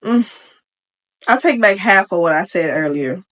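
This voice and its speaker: A young adult woman giving casual commentary on a Reddit post, chatty and slangy, with frank opinions and quick asides. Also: medium pitch, animated, a bit bright. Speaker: vlogger reacting to a Reddit post.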